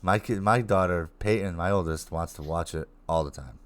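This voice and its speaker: Man, lowish voice, co-host, casual morning show chat, laughs a lot, home desk mic. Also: moderate pace. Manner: laughs often, relaxed storytelling.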